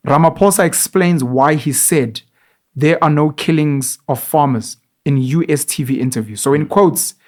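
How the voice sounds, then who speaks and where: A man hosts a casual studio conversation, his voice sitting a little higher than most men's. He asks probing questions and now and then reads search results aloud. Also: moderate pace. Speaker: podcast host.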